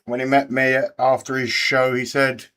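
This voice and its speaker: A man's voice: mid-range voice, monotone, normal speed, pushed and bright. An English man hosting a live race watch party, bantering with his chat and swearing freely. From England. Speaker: livestream host.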